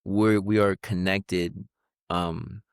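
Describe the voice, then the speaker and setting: A man's voice: deep voice, flat delivery, slow pace, smooth, no room sound, clean studio sound. A man co-hosting a podcast, talking in a loose, rambling way with many fillers and restarts. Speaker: podcast co-host. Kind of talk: casual conversation.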